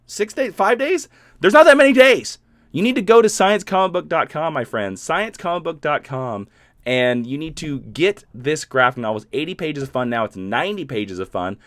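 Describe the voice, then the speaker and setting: A man's voice: mid-range voice, expressive, moderate pace, a bit bright, no room sound. A man hosting a casual live stream, chatting in a playful, rambling way.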